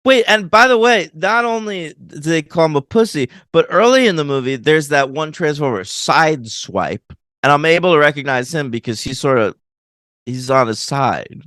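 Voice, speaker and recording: A man co-hosting a film podcast in casual chat, his pitch swinging up and down as he jokes about the movie. The sound is dry and close, with no room behind it. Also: normal speed, no echo. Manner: animated, laughs often, mocks movie lines. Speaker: podcast co-host.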